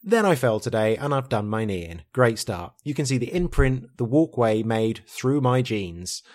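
A man's voice: mid-range voice, sing-song, moderate pace, darkish tone. A man co-hosting a podcast in casual chat, reading out listener messages with a dry, teasing humour. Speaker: podcast co-host.

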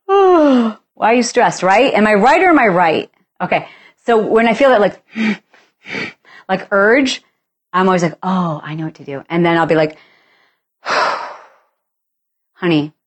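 A woman in her forties hosting a podcast, chatty and animated, casually talking through her routine and acting out bits of dialogue. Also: medium pitch. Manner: chatty, animated, acts out dialogue with playful exaggeration. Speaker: podcast host. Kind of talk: casual solo talk.

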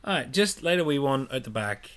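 A man's voice: medium pitch, lively intonation, brisk, a bit bright. A man, co-hosting a casual podcast chat, playful and jokey, often slipping into mock newsreader voices. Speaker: podcast co-host.

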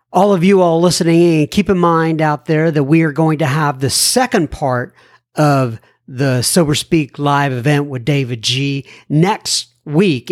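A man from Alabama hosts a recovery podcast, reading listener mail in a folksy, joking manner with drawn-out phrasing. His voice is on the high side, captured with clean studio sound and no echo.

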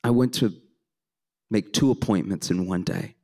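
A Louisiana man performs a comic story onstage for a live audience, speaking straight to the crowd in an animated, wry manner. His voice is lowish and slightly rough, at a moderate pace.

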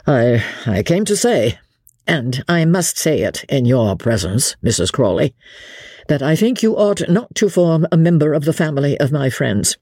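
Woman doing a stiff haughty major guy, low, kinda husky, stops and starts. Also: big pitch swings, darkish tone, no room sound, studio quality, heavily acted. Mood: stern. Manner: grave, haughty and halting. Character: stern, honorable male army officer.

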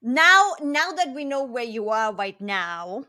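A woman's voice: on the high side, big pitch swings, slow pace, sharp tone, no echo, studio quality. A woman hosting a business podcast, chatty and bubbly, laughing at her own slips. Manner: bubbly, laughing, self-deprecating. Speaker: podcast host. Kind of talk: casual interview chat.

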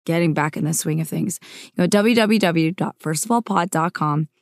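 A woman's voice: sits low, brisk, no room sound. Grateful podcast host woman, dry sound. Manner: warm, grateful, chatty with small slips and laughs. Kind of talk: casual podcast outro.

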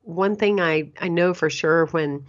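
A woman hosting a radio talk show, speaking in a reflective, measured way. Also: fairly low pitch, lo-fi sound. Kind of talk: casual talk show chat.

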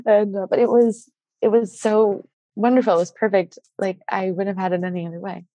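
A young adult woman, a podcast guest, telling a personal story in an animated way and acting out the dialogue. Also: mid-range voice, fairly quick, no room sound, muffled recording.

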